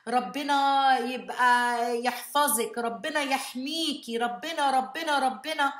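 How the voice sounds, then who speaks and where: Fretful traditional mother put on by a woman, high rapid words, roomy echo. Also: fairly bright tone. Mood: fervent. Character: worried, anxious traditional mother praying aloud.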